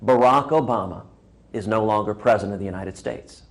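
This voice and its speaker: A man's voice: lowish voice, brisk, lightly acted. Brief: man voicing a curt male Marine gate guard, raised voice, part of a told joke. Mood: firm.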